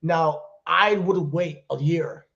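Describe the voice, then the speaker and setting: A man with a somewhat high voice co-hosting a casual wrestling podcast. He talks in a relaxed, chatty way, full of fillers and easy laughs. The recording sounds dull and lo-fi. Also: slow pace, gravelly. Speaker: podcast co-host. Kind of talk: casual chat.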